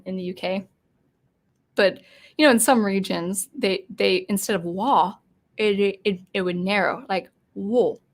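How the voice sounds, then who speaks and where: An American woman hosting a casual live-stream Q&A for her music channel. She reads viewer comments aloud and explains things in a chatty way, with frequent restarts. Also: mid-range voice.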